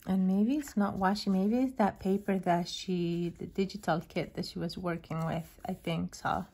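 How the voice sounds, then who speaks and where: A woman hosting her own craft channel, casually unboxing a gift and gushing over each item with soft, admiring remarks and frequent fillers. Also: lowish voice, fairly even intonation, moderate pace, husky.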